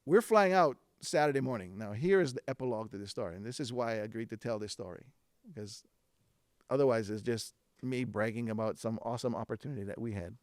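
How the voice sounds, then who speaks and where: A man's voice: mid-range voice, quick pace, no room sound, clean studio sound. Man telling a story on stage. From Hawaiʻi. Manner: relaxed and conversational, with frequent fillers and restarts. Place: stage before a live audience.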